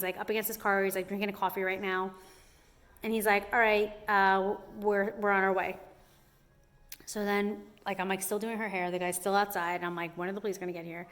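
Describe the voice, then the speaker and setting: Young woman vlogger, conversational storytelling, lots of "like", lively. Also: medium pitch. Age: young adult. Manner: chatty, says "like" constantly, animated retelling. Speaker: hair salon owner. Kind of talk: casual storytime to camera.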